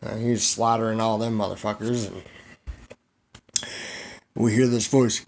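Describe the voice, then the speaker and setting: A man's voice: fairly low pitch, steady tone, normal speed, creaky, pauses often, a little mellow. A man vlogging a crude comedic monologue, rambling, swearing freely and laughing at his own jokes.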